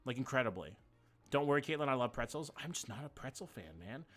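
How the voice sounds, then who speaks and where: A man's voice: medium pitch, expressive, fast talker, fairly bright tone. A man streaming a game live, thinking aloud, swearing casually and greeting viewers by name. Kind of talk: casual live-stream chat while playing.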